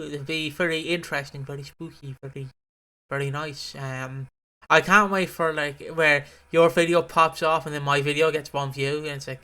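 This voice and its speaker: A man's voice: on the high side, fairly even intonation, normal speed, bright, forceful tone, clear, resonant tone. A man co-hosting a podcast in casual chat, rambling and swearing freely. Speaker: podcast co-host.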